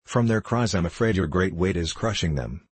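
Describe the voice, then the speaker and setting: A calm, courageous storybook soldier, as a male narrator plays him, firm and courteous even in danger. The voice is low and a little husky, and the room is dry. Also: moderate pace, dry recording.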